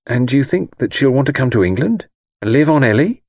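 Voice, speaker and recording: A man's voice: medium pitch, animated, fairly quick, a little mellow, dry recording, clean studio sound, pitched above the performer's own voice. A man reading the part of a blunt, easygoing young newly married man in an audiobook, plain and direct. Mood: casual.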